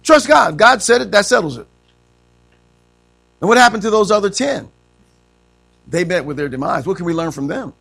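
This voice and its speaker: A man's voice: high-pitched, animated, normal speed, gravelly, long pauses, a bit bright. A man teaching a church Bible class, quizzing the group and saying amen after nearly every point, with frequent chuckles. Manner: says amen constantly, asks the class questions; chuckles often.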